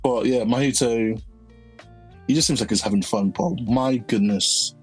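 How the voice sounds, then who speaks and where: A man co-hosting a podcast, chatting casually about an anime with animated, slangy asides. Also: mid-range voice, measured pace, husky, faint music behind, low-quality recording. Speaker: podcast co-host.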